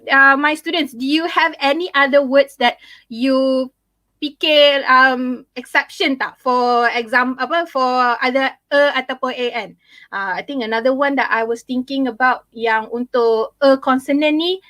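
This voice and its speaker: A young woman with a Malaysian accent tutors students over a video call. Her voice sits high, and her talk slides between English and Malay, full of fillers and restarts. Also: a bit bright. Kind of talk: online class teaching.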